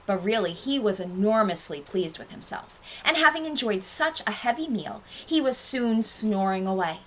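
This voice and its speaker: A nursery school teacher, a woman, reading a storybook aloud to young children with expressive, sing-song storytelling. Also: medium pitch, moderate pace, poor audio.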